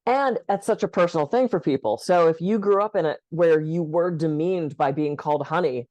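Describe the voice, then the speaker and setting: A woman co-hosting a podcast, telling stories in a lively way and acting out the quoted lines. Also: low voice, moderate pace, dry recording. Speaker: podcast co-host. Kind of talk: casual podcast conversation.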